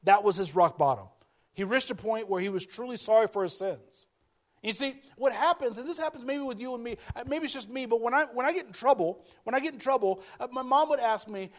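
A man's voice: very high-pitched, fairly quick. A male pastor preaching a sermon in a conversational way, repeating key phrases and acting out quoted voices.

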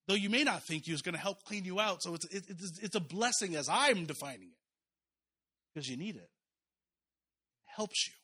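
A male pastor in his thirties delivering a sermon. His voice sits high and rings bright. He slips into voiced quotes and asides as he tells stories to the congregation.

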